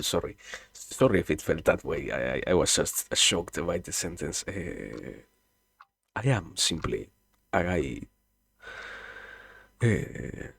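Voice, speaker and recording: A man's voice: low-pitched, very animated, slow, vocal fry, pauses often, husky, dry recording. A man from Argentina with an Argentine Spanish accent, chatting casually with viewers as a streamer, hesitant with many fillers and restarts.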